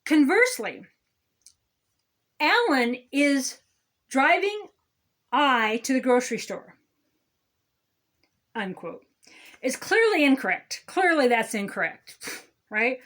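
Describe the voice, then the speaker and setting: A woman's voice: high voice, big pitch swings, a little slow, a bit bright, exaggerated voice. A woman playing a smug, condescending male city councilman who lectures on grammar in a satirical comedy monologue. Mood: smug lecturing. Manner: condescending, lecturing, repeats "okay?".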